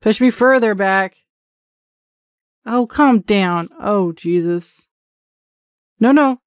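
A woman's voice: medium pitch, slow, no echo. A woman giving live commentary on a horror game she is playing, chatty and self-mocking, with jumpy exclamations and a running stream of thoughts. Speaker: gaming channel host.

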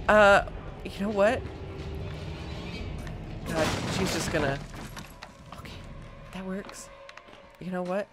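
A young woman narrates her own horror gameplay in a rambling, easily rattled way. She keeps swearing and pleading with what is on screen. Soft music plays low behind her voice. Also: moderate pace, long pauses. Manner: panicky, rambling, swearing, talks to the game. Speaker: gaming streamer. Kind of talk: let's play commentary.

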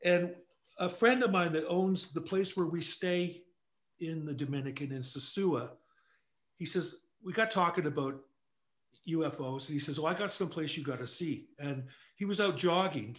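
An older man from Canada, a guest telling anecdotes casually, animated and quick to laugh. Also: a little high. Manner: animated storyteller who acts out quotes, laughs often. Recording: echoey room.

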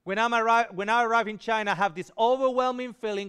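A man preaching a sermon, telling a personal story in an animated way and acting out the voices he quotes. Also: very high-pitched, quick pace, clear, resonant tone.

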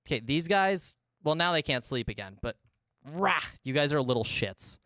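Chatty male streamer with a smooth voice. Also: on the high side, expressive, measured pace, no echo, studio quality. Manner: talks to himself and chat, exasperated outbursts, swings between loud yelps and mumbling. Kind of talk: casual live gameplay commentary. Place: his room at home.

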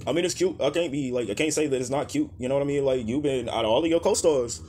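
A man giving comedic fashion roast commentary as host, with sassy, profane, blunt put-downs, swinging between loud jabs and quiet dismissive mutters. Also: medium pitch, fast, husky.

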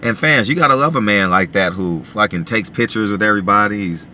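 Animated man vlogging from a car. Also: fairly low pitch, a little fast, a little hiss or hum. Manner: animated, many filler phrases, repeats himself. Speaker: boxing vlogger. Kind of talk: casual talk to camera.

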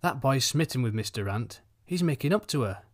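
A man voicing a sharp, fussy older farmer's wife who talks insistently and pitches up for emphasis. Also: lively intonation, brisk, close to an everyday voice.

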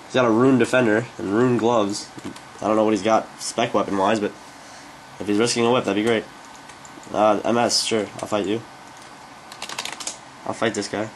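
A man's voice: on the low side, fairly even intonation, moderate pace, pauses often, a little hiss or hum. A young man giving casual, rambling gameplay commentary, speaking offhand with frequent fillers. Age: young adult. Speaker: gaming commentator.

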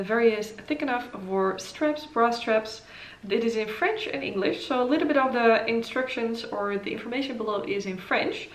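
Her voice sits on the high side and sounds reverberant through the camera mic. She's a woman running a relaxed knitting vlog, reviewing patterns chattily with lots of ums and uhs.

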